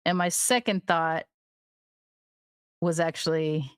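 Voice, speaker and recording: Low-voiced woman analyzing a show. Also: fairly even intonation, slow pace, clean tone, no echo, studio quality. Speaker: podcast co-host. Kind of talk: casual TV recap chat.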